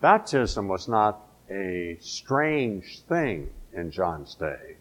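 A man's voice: deep voice, big pitch swings, very slow, a bit bright. A middle-aged man preaching a sermon in a conversational way, asking his listeners questions as he goes. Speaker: pastor.

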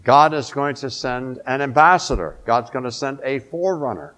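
A man's voice: mid-range voice, a bit bright. A male pastor preaching a sermon, emphatic, drawing out key words.

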